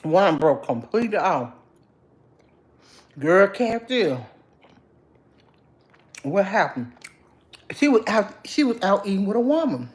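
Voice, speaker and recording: Animated chatty woman livestreaming. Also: mid-range voice, slow pace, pauses often. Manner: chatty, animated, greets viewers by name. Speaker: livestream host. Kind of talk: casual livestream chat with viewers.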